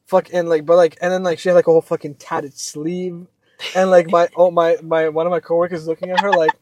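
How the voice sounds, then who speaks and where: A young man co-hosting a podcast, telling a story in a casual, animated way with lots of fillers and swearing. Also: on the high side, brisk. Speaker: podcast co-host.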